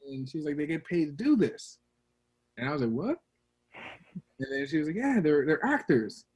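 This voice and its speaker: Animated storytelling man from Brooklyn. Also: a little high, normal speed, husky. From Brooklyn, New York. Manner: animated storyteller, acts out quotes with a raised voice. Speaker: guest. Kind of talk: casual interview storytelling.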